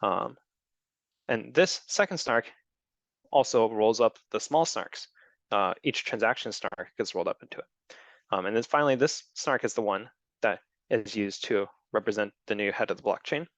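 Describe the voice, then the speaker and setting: A man's voice: on the low side, lively intonation, moderate pace, a bit bright, dry recording. A man giving a technical talk, explaining step by step with frequent ums and restarts. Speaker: presenter. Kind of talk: technical talk with audience questions.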